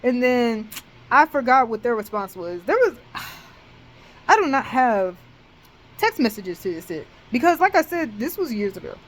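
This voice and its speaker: A young adult college woman with a slightly high voice tells a storytime vlog, unhurried and pausing often. She's animated, slangy and full of curse words, with fillers like "bro" and "dead ass." Some hiss or hum sits in the low-quality recording.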